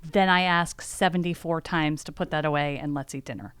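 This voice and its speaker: A middle-aged woman guest on a casual podcast, answering with wry, deadpan humor. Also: low voice, fairly quick, clean tone, dry recording.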